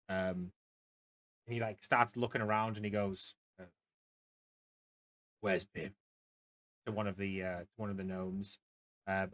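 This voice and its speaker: A man's voice: lowish voice, a bit bright. A man from the UK narrating a tabletop game as game master, rambling with many fillers and restarts.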